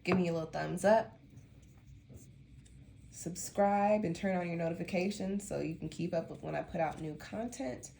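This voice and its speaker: A woman's voice: on the low side, normal speed, creaky, mellow, a little hiss or hum. A woman giving a casual monthly tarot reading to her viewers, chatty and rambling, with a stuffy nose from allergies. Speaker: tarot reader.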